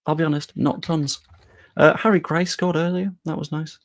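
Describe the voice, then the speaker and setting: Chatty young Englishman with gravelly fry. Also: on the high side, fairly even intonation, normal speed. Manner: rambling, chatty, self-deprecating asides. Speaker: football channel streamer. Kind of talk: casual live-stream chat.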